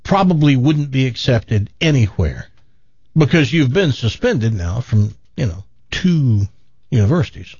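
An older man tells his life story with lots of movement in his pitch, acting out the other voices he quotes. His voice is a bit husky, and the sound is muffled and dry. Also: measured pace, no echo. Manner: animated, self-deprecating, acts out quoted voices. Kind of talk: casual storytelling.

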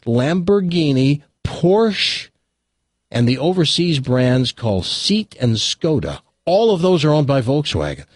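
A chatty talk show host, a man with a husky, dry-sounding voice. His pitch swings around lively as he rattles off facts and drops wry asides. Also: dry recording. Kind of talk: casual chat and joke telling.

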